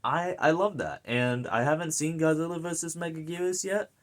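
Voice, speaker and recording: American dude rambling through a movie review, lots of um and like and you know, super into it. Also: male voice, a little high, normal speed. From United States. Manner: rambling and enthusiastic, full of fillers and restarts. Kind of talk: casual film review chat.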